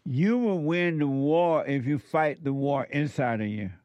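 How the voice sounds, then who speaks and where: A man's voice: a little high, unhurried, a little mellow, no echo, lo-fi sound. Dry-voiced man giving spiritual advice. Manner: repetitive, exclaims "amazing", preacher-like urging. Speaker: show host answering viewer messages. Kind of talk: casual live-stream chat with religious advice.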